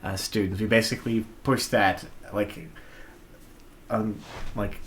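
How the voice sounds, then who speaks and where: A man's voice: fairly low pitch, steady tone, takes it slowly. Dutch man co-host, twenties, loose rambling talker, faint room hiss. Casual live chat. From Netherlands. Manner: rambling, many restarts and fillers. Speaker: vlog co-host.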